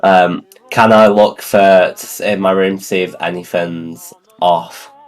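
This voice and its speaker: A man's voice: sits low, fairly even intonation, a little slow, soft background music. A man playing a tabletop game, talking in character with dry, matter-of-fact remarks. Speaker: player.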